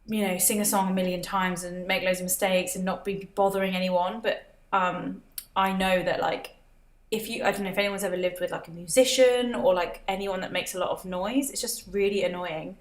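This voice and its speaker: A woman's voice: fairly low pitch, fairly even intonation, brisk. A woman hosting a casual livestream, chatting, laughing often and reading out viewer comments. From Britain. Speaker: livestream host. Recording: roomy echo.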